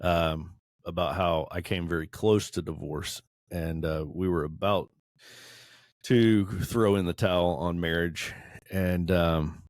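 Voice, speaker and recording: Brief: low-voiced man in his forties, earnest and candid, dry close recording, self-deprecating storyteller. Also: no echo. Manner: earnest, self-deprecating, laughs while telling stories. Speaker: podcast panelist. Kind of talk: candid group discussion.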